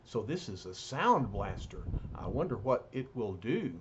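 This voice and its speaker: A man's voice: on the low side, very animated, unhurried, a little hiss or hum, voice pushed down. A man voicing a proud young male warrior prince from a comic book, speaking in formal, solemn declarations. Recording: dull lo-fi recording.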